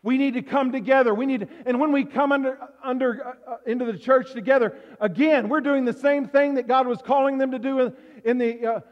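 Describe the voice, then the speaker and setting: A man preaching a sermon as pastor, swinging from hushed tones to shouts and calling for amens. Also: extremely high pitch, steady tone, a little fast, few pauses. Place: church hall. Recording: echoey hall, dull lo-fi sound.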